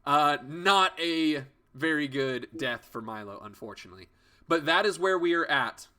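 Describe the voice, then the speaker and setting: Bright-voiced young game master. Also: male voice, on the high side, expressive, moderate pace. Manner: hesitant, many ums and restarts. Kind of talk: narrating a tabletop game.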